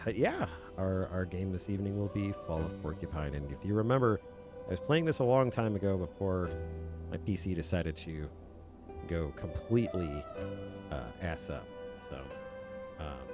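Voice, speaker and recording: A man streaming video games, chatting casually and mocking himself while he mutters at his software. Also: deep voice, expressive, moderate pace, over music. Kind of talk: casual game stream chat.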